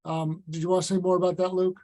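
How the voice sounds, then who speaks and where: A man chairing a virtual meeting, talking in a measured way with frequent fillers and restarts, heard over a video call. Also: high voice, level tone, dark tone, poor audio.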